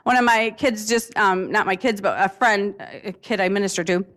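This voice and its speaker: A woman's voice: mid-range voice, moderate pace, a bit bright. Earnest chatty woman youth minister. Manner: casual, earnest, chatty with fillers and laughs. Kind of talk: conference talk.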